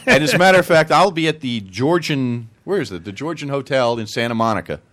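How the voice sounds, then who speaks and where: A man's voice: medium pitch, expressive, fairly quick, fairly bright tone. A man, a comedy writer and guest, chatting casually after some drinks, rambling and stammering through restarts. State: tipsy from drinking. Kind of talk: casual chat.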